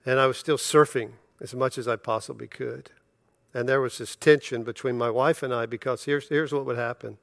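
A middle-aged man preaching a sermon, telling a self-deprecating personal story and acting out the dialogue with lively energy. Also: mid-range voice. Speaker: pastor.

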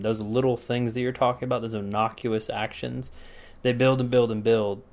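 Young male podcast co-host, mid-pitched, loose and profane, animated storyteller. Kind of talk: casual conversation.

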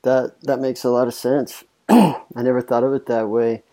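A male host talks reflectively with a mellow, warm tone. He often repeats words as he starts his sentences. His voice sits at a middle pitch. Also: little pitch movement, normal speed. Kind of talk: interview chat.

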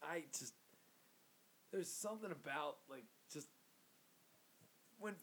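A man's voice: a little high, animated, slow pace, a bit bright, slightly rough. A man co-hosting a casual sports podcast, often stammering and restarting as he tries to get his point in. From Philadelphia. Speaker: podcast co-host. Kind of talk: casual chat.

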